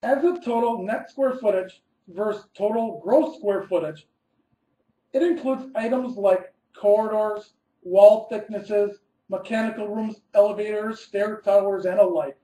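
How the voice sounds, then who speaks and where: A man's voice: high voice, unhurried, mellow, echoey room, rough recording. A man, an architect, giving a scripted webinar presentation, reading methodically through numbered steps and stressing key words.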